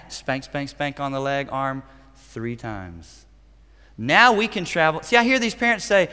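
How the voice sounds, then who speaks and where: Middle-aged male pastor, emphatic sermon delivery, a bit high-pitched, long church reverb. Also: expressive, measured pace, clear, resonant tone. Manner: emphatic, punchy preaching with sudden loud outbursts.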